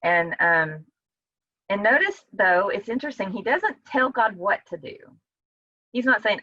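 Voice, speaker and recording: A woman's voice: medium pitch, animated, normal speed, no room sound, highs cut off. A woman teaching a casual Bible study over a video call, talking in a conversational way and acting out the psalmist's cries.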